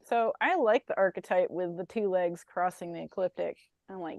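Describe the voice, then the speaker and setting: A woman co-hosting a podcast in casual chat, animated and playful, telling stories with asides. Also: fairly low pitch, normal speed, vocal fry, hardly any pauses, dry recording. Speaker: podcast co-host.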